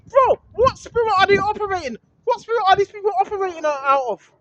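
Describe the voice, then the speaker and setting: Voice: very high voice, lively intonation, fast, hardly any pauses, a bit bright, dry recording, dull audio. A street preacher filming outdoors, reading scripture and scolding opponents in a fervent, blunt manner full of slang. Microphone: handheld camera filming.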